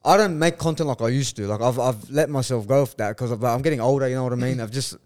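A man's voice: mid-range voice, darkish tone. A young man talking as a podcast guest, blunt and slangy, swearing freely. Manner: blunt, swears a lot, fast slangy talk. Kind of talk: casual podcast chat.

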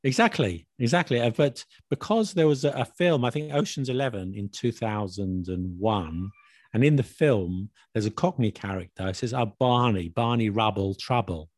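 A man's voice: medium pitch, expressive, normal speed, darkish tone, no echo, clean studio sound. A man hosting a casual chat, quizzing his guest on slang and explaining each term patiently. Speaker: host.

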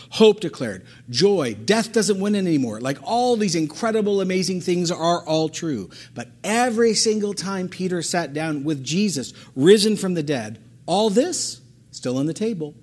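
A man preaching a sermon, animated and emphatic, repeating phrases and acting out the words of the people in his story. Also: a little high, slightly rough. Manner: animated, acts out quotes, emphatic repetition. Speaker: pastor.

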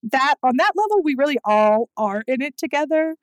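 Podcast host: woman, higher voice, dry close mic, thoughtful and conversational. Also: expressive, normal speed, no echo, rough recording. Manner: conversational, thoughtful, light laughs. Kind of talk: casual interview chat.

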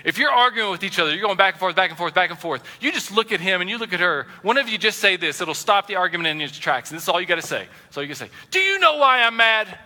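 Lively high-voiced male preacher in an echoey hall. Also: racing, few pauses. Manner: animated, acts out the voices of quoted people. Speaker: pastor. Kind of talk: sermon.

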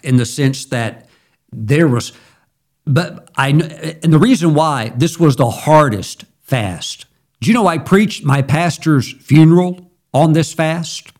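A middle-aged male pastor preaching a sermon in a conversational, storytelling way, with sudden emphatic jumps. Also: a little high.

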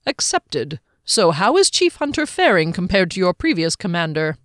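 A woman's voice: fairly low pitch, very animated, moderate pace, no room sound, clean studio sound. A woman voicing a small male halfling gambler who speaks in formal, elaborate, courtly phrases. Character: fussy, flowery-spoken male halfling gambler.

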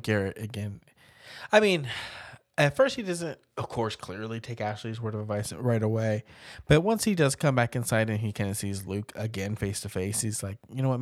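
A man's voice: fairly low pitch, no room sound, studio quality. A man co-hosting a podcast, chatting casually through a movie recap in a laid-back, rambling way with casual swearing. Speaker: podcast co-host.

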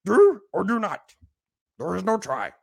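A man putting on a brief impression of a wise, tiny old alien master, a halting take that he himself calls poor. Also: sits high, huge pitch swings, vocal fry, full character voice. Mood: solemn.

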